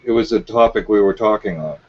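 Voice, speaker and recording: A man's voice: on the low side, fast, slightly rough. A man in a casual voice chat, making wry jokes. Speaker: chat participant. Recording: dull lo-fi online voice chat.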